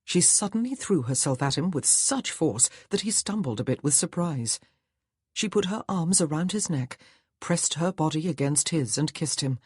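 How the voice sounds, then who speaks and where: A man narrating a historical romance audiobook in a measured, even storytelling manner. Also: on the high side, husky, no room sound, clean studio sound. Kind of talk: scripted narration.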